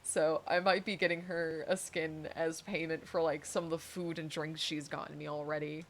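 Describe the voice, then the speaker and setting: Giggly woman streamer, chatty while gaming; slightly low voice, faint noise behind. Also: level tone, normal speed. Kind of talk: casual chat while gaming.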